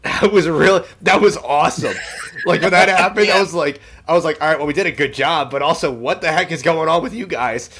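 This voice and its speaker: A man's voice: fairly high pitch, a bit bright, husky. Rambling man telling a story on a livestream. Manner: rambling storyteller, halting restarts. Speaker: streamer. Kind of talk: casual chat on a livestream.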